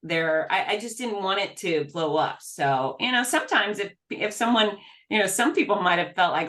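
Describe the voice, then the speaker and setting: A middle-aged woman with a notably low voice speaks as an interview guest. Her delivery is earnest and emphatic. She often restarts phrases in quick succession. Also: expressive, a bit bright. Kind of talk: candid interview talk.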